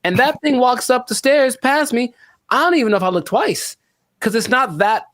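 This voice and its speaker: A man's voice: extremely high pitch, expressive, normal speed, a bit bright, no room sound, clean studio sound. A young man co-hosting a podcast, chatting casually and joking, often trailing off and restarting his sentences. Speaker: podcast co-host. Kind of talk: casual chat.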